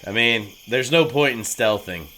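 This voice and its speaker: A man's voice: medium pitch, unhurried, sharp tone, a little hiss or hum, rough recording. A man playing a tabletop game, rambling and joking with lots of fillers. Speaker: player. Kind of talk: casual tabletop game play.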